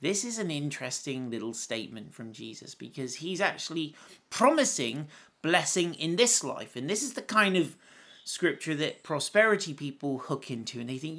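A man's voice: fairly high pitch, big pitch swings, moderate pace, pushed and bright. A man giving informal Bible teaching in a conversational, storytelling way, often breaking into laughs.

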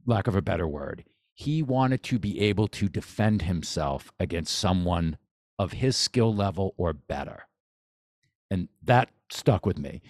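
On a podcast, a male boxing coach with a voice on the low side chats casually as a guest, rambling eagerly and starting over mid-thought. The studio-quality recording is dry.

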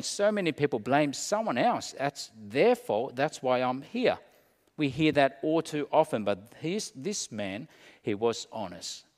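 A man preaching as a pastor, slow and dramatic, dropping to a hush and then rising. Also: on the high side, in a large hall. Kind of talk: sermon.

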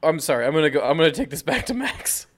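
A young man in casual podcast chat, teasing and animated. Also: on the high side, quick pace.

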